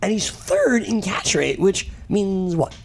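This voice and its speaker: A man hosting a relaxed sports talk show, his voice swinging up and down with energy. There is a gravelly edge to his tone. He reads figures out briskly and cracks quick jokes. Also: sits high, slight background noise. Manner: animated stat-reading with quick quips. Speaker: podcast host. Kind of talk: casual sports chat.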